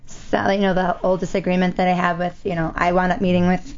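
A woman with a clear, smooth voice at a middle pitch, chatting enthusiastically and loosely with many fillers. The recording is dull and lo-fi. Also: little pitch movement, fast. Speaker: guest sharing her experience. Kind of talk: casual chat.

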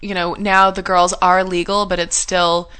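A young woman co-hosting a radio talk show, telling stories in a giggly, animated way. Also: fairly low pitch, moderate pace, smooth. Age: young adult. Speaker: radio co-host. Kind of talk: casual radio chat.

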